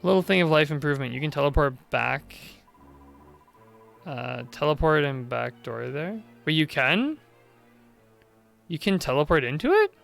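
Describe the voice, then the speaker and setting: A streamer chatting casually during a live playthrough, curious and thinking aloud. The voice is lively in pitch with a gravelly edge, and soft music sits behind. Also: normal speed, pauses often. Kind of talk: live game playthrough chat.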